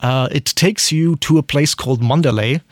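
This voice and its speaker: A man's voice: fairly high pitch, no room sound. Guy hosting a radio show, lots of uh and restarts, dry close sound. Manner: halting, many fillers and restarts. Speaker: radio host. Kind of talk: casual radio chat.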